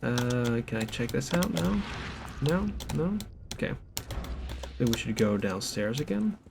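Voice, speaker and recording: A man's voice: medium pitch, very animated, a little slow, creaky. A young man streaming a game, joking around and reading the game's notes aloud in a rambling, casual way. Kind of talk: casual let's-play commentary. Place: home streaming setup. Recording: background noise with keyboard typing.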